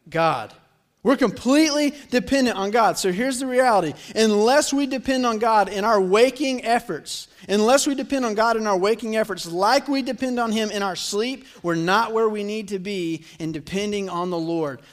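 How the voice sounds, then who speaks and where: A young adult man, a pastor, preaching a conversational sermon and acting out small voices as he tells stories. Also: high voice. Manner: conversational, animated storytelling with acted-out voices.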